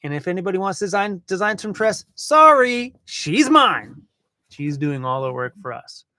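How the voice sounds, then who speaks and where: High-voiced laid-back man live streaming. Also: animated, quick pace, fairly bright tone, no room sound. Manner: laid-back, laughing, calls everyone bro. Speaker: van-life live streamer. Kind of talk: casual live stream chat. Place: workshop.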